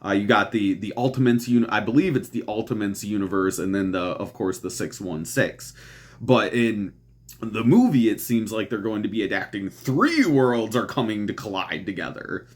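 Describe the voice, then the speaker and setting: Rambling low-voiced man hosting a podcast. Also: normal speed. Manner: rambling with frequent restarts, laughs often, casual swearing. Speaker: podcast host. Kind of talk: casual chat reacting to a movie trailer.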